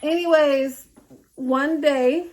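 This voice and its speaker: High-voiced woman telling a storytime. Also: drawn-out words, soft background music. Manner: animated, repeats phrases for emphasis, speaks directly to viewers. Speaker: vlogger.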